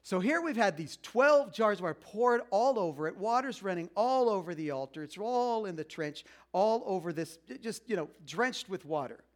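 A man's voice: high voice, expressive, moderate pace, few pauses. A man retelling a Bible story in a casual, conversational way, with many fillers and playful asides. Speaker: Bible teacher.

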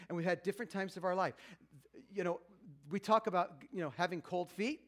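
Man, fifties, high voice, chatty and self-mocking, talking to a seminar crowd. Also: steady tone, brisk. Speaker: speaker at a marriage seminar. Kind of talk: conversational talk to a live audience.

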